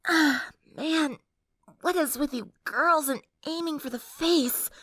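A nasal, flippant vampire girl, a bit higher than plain talk and in no hurry, as a woman reads her. She is cocky and casual, a storybook villain. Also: slow, sharp tone, no echo, exaggerated voice. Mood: smug.

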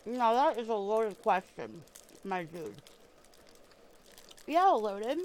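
A woman's voice: mid-range voice, very animated, takes it slowly, slight background noise. A woman acting as a weary, foul-mouthed female ex-killer trying to live in peace, talking casually with lots of fillers and restarts, sometimes with her mouth full, in an audio role-play drama. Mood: confessional. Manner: chewing food while talking.

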